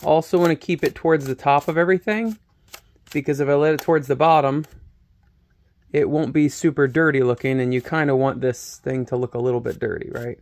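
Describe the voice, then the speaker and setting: A man hosting a hobby painting channel talks a little fast in a slightly high, gravelly voice, close to his camera microphone. His relaxed tutorial chat is self-deprecating, and he thinks aloud while he works.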